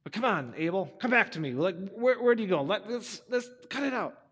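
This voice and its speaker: Man voicing jealous angry older brother, high bright voice, long hall echo. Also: lively intonation, brisk, husky, exaggerated voice. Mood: pleading. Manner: pleading, resentful, then defensive.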